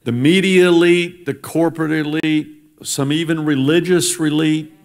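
His voice is a little high with a darkish tone, fairly even intonation, and a moderate pace. A politician, he addresses a church congregation in the sanctuary, speaking emphatically and repeating himself to build each point.

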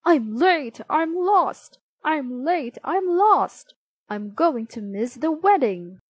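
Woman doing a panicky man yelling, loud and high. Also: animated, slow pace, no echo. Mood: panicked. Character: frantic man who lost the ring.

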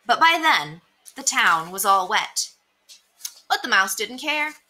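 Lively, slow-reading woman teacher. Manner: slow, expressive storytelling with big pitch swings. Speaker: elementary school teacher. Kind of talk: children's picture book read-aloud.

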